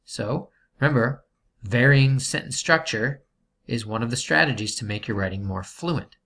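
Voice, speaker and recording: A man's voice: medium pitch, moderate pace, fairly bright tone. A man teaching a writing lesson, explaining sentence types patiently and checking in with "okay". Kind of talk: classroom grammar lesson.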